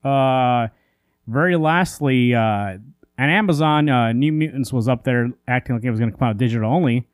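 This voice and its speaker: A man's voice: medium pitch, normal speed, dry recording, clean studio sound. A man co-hosting a podcast in casual chat, rambling with lots of fillers and restarts while he rants in exasperation. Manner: exasperated ranting. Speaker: comic book podcast co-host.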